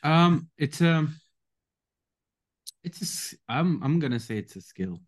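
A man co-hosting a podcast, speaking in a measured, thoughtful way in casual conversation. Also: a little high, lively intonation.

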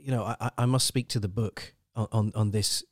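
A man hosting a podcast interview, speaking gently and hesitantly, often repeating words as he frames his questions. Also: lowish voice, steady tone, fairly quick, no room sound. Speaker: podcast host.

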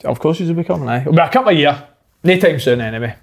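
A Scottish man talks fast in a slightly raised voice as a podcast co-host. He tells things plainly and without fuss. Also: a little high, lively intonation, creaky. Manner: quick, plain-spoken storytelling. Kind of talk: casual chat.

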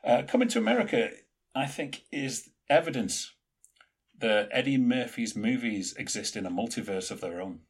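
A man co-hosting a podcast, chatting casually in an animated, rambling way with plenty of fillers. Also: mid-range voice, normal speed, husky. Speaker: podcast co-host. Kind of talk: casual chat.

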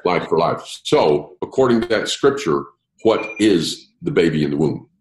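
A man's voice: low-pitched, normal speed, reverberant, a crowd in the background, rough recording. A man leading an interactive Bible study, explaining verses and putting questions to his group. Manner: lively, asks the group questions. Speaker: Bible teacher.

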